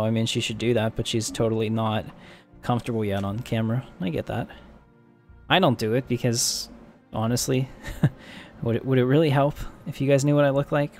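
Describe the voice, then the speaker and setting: A man live-streaming a strategy game, chatting casually, joking and laughing often as he thinks aloud. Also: medium pitch.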